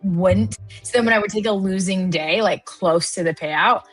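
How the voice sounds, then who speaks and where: A woman's voice: medium pitch, normal speed, soft background music. A woman from Canada telling personal trading stories in a casual, reflective chat. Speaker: trader guest or co-host. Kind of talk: casual live-stream chat.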